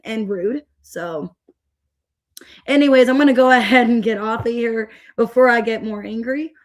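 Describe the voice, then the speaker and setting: A young adult woman hosting a tarot livestream, upset and fed up, venting to her viewers with many restarts. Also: a little high. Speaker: tarot reader livestream host.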